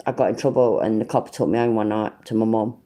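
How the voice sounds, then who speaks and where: A woman's voice: a bass voice, steady tone, fast, dark tone. A British woman hosting a reaction video, mocking and swearing as she mimics and ridicules what she hears. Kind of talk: sarcastic reaction commentary.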